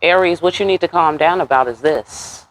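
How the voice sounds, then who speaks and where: A woman giving a casual tarot reading. She talks straight to the viewer with a lot of attitude and cursing, and jumps up in pitch on her rhetorical questions. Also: normal speed, slight background noise. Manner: sassy, talks straight to viewers, curses freely. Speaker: tarot reader.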